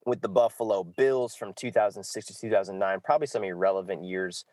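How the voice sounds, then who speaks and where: A man's voice: on the low side, brisk, darkish tone, dry recording. A man hosting a casual sports podcast, loose and jokey, often saying "exactly". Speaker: podcast host.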